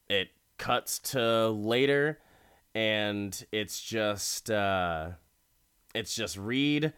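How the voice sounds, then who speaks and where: Slow, rambling man recapping a show. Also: medium pitch, pushed and bright, clean tone, no echo, clean studio sound. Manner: rambling and wry, heavy with fillers.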